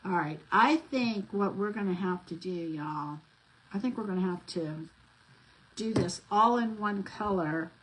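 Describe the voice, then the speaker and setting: Speaking a little slowly at a medium pitch, a middle-aged woman rambles through anecdotes while working on her craft vlog, her talk full of fillers and false starts. The low-quality audio carries some hiss or hum.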